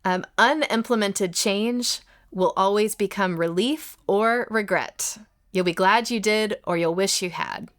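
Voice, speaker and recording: A woman co-hosting a casual church podcast, chatty and quick to laugh. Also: medium pitch. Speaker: podcast co-host.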